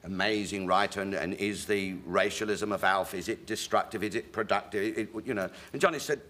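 A middle-aged English man, a comic actor and chat show guest, telling stage stories with animated character voices. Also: lowish voice, fairly quick. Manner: lively raconteur slipping into character voices. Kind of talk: anecdotal chat show storytelling.

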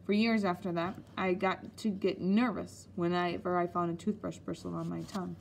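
Woman audiobook reader, relaxed storybook narration. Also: fairly low pitch, vocal fry, slight background noise. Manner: unhurried reading with small slips.

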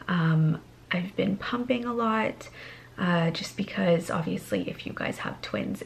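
A tired young woman vlogs from home, talking softly in a half-whisper with a gravelly edge of fry. When she turns to her babies, she coos in a high, sing-song baby voice. Faint noise sits under her voice. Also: a little slow. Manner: soft half-whisper to camera. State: sleep-deprived. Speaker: vlogger. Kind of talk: casual vlog.

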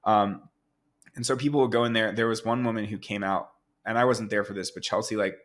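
A man in his thirties, a guest artist telling stories in a relaxed, rambling way, full of fillers. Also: fairly low pitch, a little fast. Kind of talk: casual storytelling interview.

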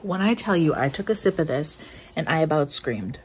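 Filming a casual vlog indoors at home, a young woman in her twenties speaks in a low, expressive voice at normal speed. Her chat is bubbly and meandering, packed with fillers, on a rough recording with a little hiss or hum.

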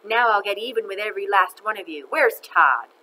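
Spiteful ghost teacher, read by a woman, taunting, bright and lively delivery. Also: medium pitch, a little fast, slight background noise, poor audio. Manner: taunting, gleeful threats. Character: ghost of a mean old schoolteacher, spiteful.

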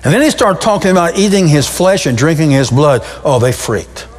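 A male pastor preaching a sermon, his voice leaping up and dropping low with sudden changes of pace. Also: expressive, normal speed. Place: church sanctuary. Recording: long reverb of a church hall.

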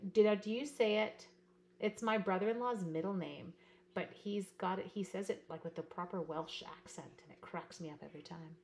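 A chatty woman from Canada in her forties, hosting a casual livestream. She rambles through a story, laughs easily and stops to greet viewers by name. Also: mid-range voice. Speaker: livestream host.

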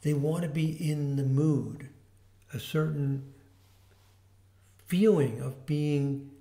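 A man giving an informal video lesson as an astrology teacher, explaining in a relaxed way with fillers and restarts. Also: a little high, slow, vocal fry.

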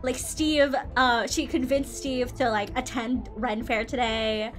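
A woman's voice: fairly high pitch, steady tone, unhurried, soft background music. A woman VTuber from the Philippines telling a rambling, swearing story with lots of fillers and self-corrections. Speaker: VTuber streamer. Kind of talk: casual storytelling.

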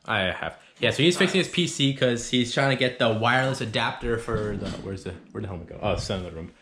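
In a casual bedroom vlog with his friends, a young man talks fast in a medium-pitched, fairly bright voice, rambling, swearing and laughing plenty. The room is echoey, with faint noise.

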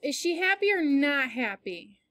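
A woman's voice: high-pitched, sing-song, unhurried, sharp tone, dry recording. A woman teacher in a classroom, patiently explaining word meanings with everyday examples during a read-aloud lesson.

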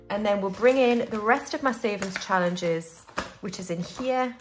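In casual cash-stuffing commentary for her budgeting channel, a woman from the UK counts money aloud and walks herself through every step. She speaks at a moderate pace in a mid-range voice, over faint background music.

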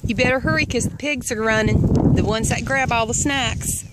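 A woman's voice: a little high, normal speed, hardly any pauses. A woman filming herself on a farm, cooing and baby-talking to animals in a sing-song voice. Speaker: vlogger. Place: outdoors on a rural farm. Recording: loud outdoor ambient noise. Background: animals and outdoor ambience.

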